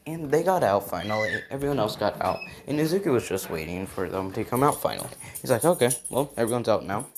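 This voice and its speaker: A man's voice: fairly low pitch, very animated, quick pace, over music. Rambling man telling a story. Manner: rambling, lots of fillers and "right?". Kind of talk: casual retelling of a fan story. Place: at home with his dog.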